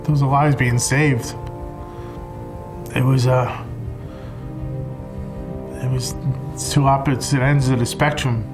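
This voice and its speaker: A firefighter giving interview testimony, reflective and halting as he speaks. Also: mid-range voice, little pitch movement. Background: music.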